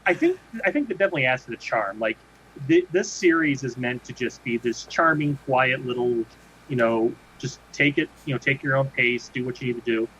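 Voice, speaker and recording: Chatting casually on a podcast he co-hosts, a man rambles and restarts often in a mid-range voice that's a little fast and a bit bright. Faint noise sits under the dull lo-fi sound.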